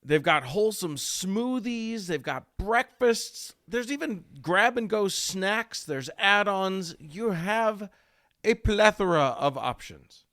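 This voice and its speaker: A man gives a loose, chatty sponsor read on a podcast, tossing in fillers and asides. His pitch sits a little high and swings widely, and the recording is dry and close. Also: lively intonation, slow pace, a bit bright, no echo. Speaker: podcast co-host. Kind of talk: casual ad read.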